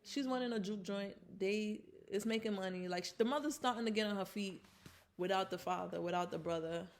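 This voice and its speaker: A woman with a mid-range voice talks fairly quickly over slight background noise. She's a film reviewer doing a casual vlog recap, chattily retelling the plot with fillers and restarts while voicing the characters' lines.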